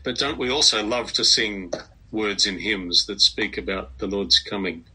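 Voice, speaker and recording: A man speaking at a Bible meeting in a measured, reflective way, reading hymn words, with a husky voice. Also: fairly low pitch, fairly even intonation, bright, forceful tone, rough recording.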